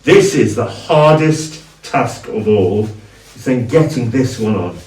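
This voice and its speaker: A man talks through his costume in a relaxed, chatty way, stopping and restarting as he goes. He sounds a bit far from the mic, and the room echoes around him. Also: mid-range voice. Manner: chatty, halting, with fillers and restarts. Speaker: cosplayer, video host. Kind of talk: casual costume walkthrough.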